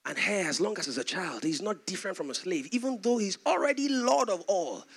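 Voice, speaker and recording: A man's voice: high-pitched, sing-song, brisk, vocal fry, husky. A man with a Nigerian accent, a pastor preaching a sermon in a dramatic storytelling way. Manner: dramatic storytelling preacher who acts out the voices.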